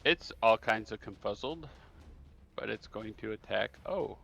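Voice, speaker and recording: A man's voice: on the low side, animated, unhurried, gravelly, fairly bright tone, dull audio, slight background noise. A man running a tabletop game as dungeon master, calling out turns and damage.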